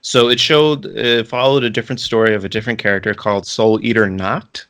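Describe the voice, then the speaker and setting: A man's voice: on the low side, steady tone, brisk, a bit bright. A man co-hosting a podcast, chatting casually and rambling with frequent restarts and filler words. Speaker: podcast co-host. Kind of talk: casual chat.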